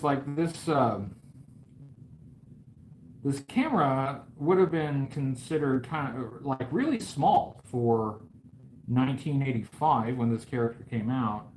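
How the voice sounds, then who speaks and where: A man's voice: medium pitch, a little mellow, slight background noise, low-quality recording. A man hosting a toy review channel chats casually on a live stream while he draws. He jokes in a mock-grand, bragging way and rambles with many fillers.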